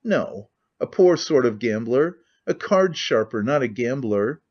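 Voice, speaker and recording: A man's voice: mid-range voice, animated, a little slow, breathy edge. A man reading as a jaded idle nobleman. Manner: rambling, confiding, languid candor. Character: jaded cynical middle-aged nobleman, idle and talkative. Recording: muffled lo-fi audiobook recording.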